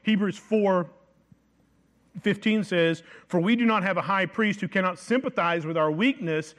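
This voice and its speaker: A man preaching a sermon, reading scripture aloud and slowing down to stress key phrases. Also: high voice, expressive, a bit bright.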